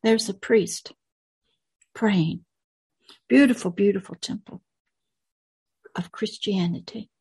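A woman's voice: medium pitch, slow, creaky, pauses often, a little mellow, breathy edge. A woman hosting a religious video channel, retelling a film in an earnest, unscripted way with emphatic repetitions.

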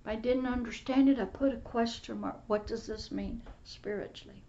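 A woman pastor giving an emotional spiritual testimony, often dropping to a soft whisper. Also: fairly high pitch, steady tone, moderate pace, few pauses. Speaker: pastor and teacher. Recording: muffled lo-fi recording.

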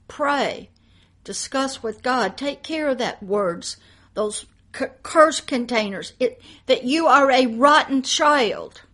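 High-voiced, emphatic woman pastor preaching. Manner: emphatic, swinging between loud declarations and hushed asides. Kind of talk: preaching monologue.

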